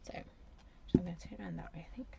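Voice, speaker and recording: A woman's voice: on the low side, quick pace, vocal fry, dull audio, heavy background noise. A woman giving a chatty live craft demo at her desk at home, rambling and talking to herself as she works. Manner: rambling, talks to herself while working. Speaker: craft demonstrator.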